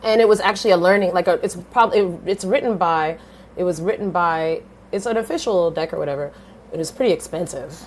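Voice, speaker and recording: A woman in her thirties, a podcast guest telling her story in a lively, blunt way, swearing casually and switching voices when she quotes people. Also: fast. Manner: animated, swings pitch widely when quoting others.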